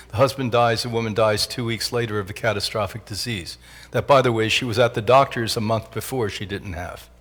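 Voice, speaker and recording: An older man gives an animated motivational talk to a live audience and keeps slipping in jokes. His voice sits at an ordinary middle pitch, and he laughs easily at his own lines. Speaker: health institute director giving a talk.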